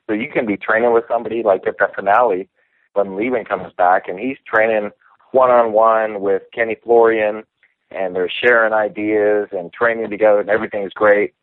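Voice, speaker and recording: A man, a professional fighter, telling stories in a relaxed, casual interview. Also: lowish voice, normal speed, no room sound. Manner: relaxed storyteller acting out quotes. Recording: tinny phone line.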